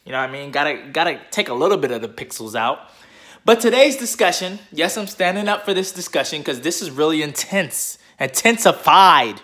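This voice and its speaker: Slangy youtuber ranting into a phone, bright voice, cusses a ton, jokey. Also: mid-range voice, lively intonation, fairly quick. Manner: swears a lot, slangy, joking. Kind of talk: casual vlog rant. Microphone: phone camera.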